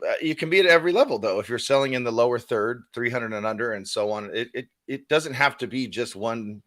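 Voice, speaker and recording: A man's voice: medium pitch, fast, a bit bright, dry recording, clean studio sound. A man co-hosting a casual real estate podcast, musing and joking sarcastically. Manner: sarcastic, musing, thinks aloud. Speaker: podcast co-host. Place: California.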